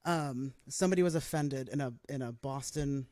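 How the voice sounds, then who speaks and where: A man chatting casually as a podcast guest, laughing easily and adding quick asides. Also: mid-range voice, a little mellow, no room sound. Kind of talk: casual chat.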